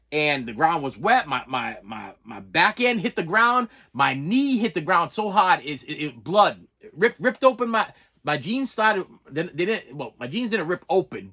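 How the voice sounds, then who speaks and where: Guy in his 40s rambling through a funny story, bright voice, pitch bouncing all over. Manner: animated, self-mocking, repeats "listen", stammers. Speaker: vlogger. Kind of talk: casual storytelling.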